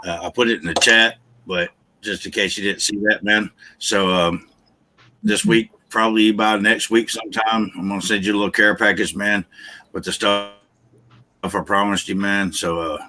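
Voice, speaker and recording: A man with a low, bright, forceful voice talks casually to a guest. He is friendly and loose, dropping "man" and "brother" into every line. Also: fairly even intonation, normal speed, a little hiss or hum. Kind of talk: casual chat.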